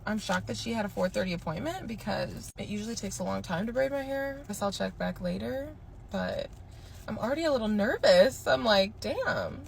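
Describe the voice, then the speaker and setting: A woman with a gravelly, fry-heavy voice chats into her phone in a sarcastic, conversational vlog tone with quick laughing asides. A faint hum of noise sits behind her. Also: medium pitch, low-quality recording. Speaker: hairstylist vlogging. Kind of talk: casual vlog chat. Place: sitting outside a salon.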